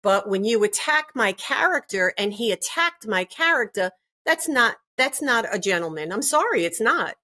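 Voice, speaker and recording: A woman's voice: fairly high pitch, very animated, moderate pace, pushed and bright. Indignant older woman, emphatic interview guest. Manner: emphatic, indignant, repeats herself.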